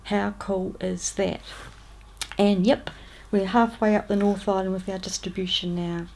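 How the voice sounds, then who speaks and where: A woman's voice: mid-range voice, measured pace, a little hiss or hum. A woman with a New Zealand accent reading aloud her own letters, in a chatty, upbeat way. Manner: warm, chatty letter-reading with lively lifts on greetings.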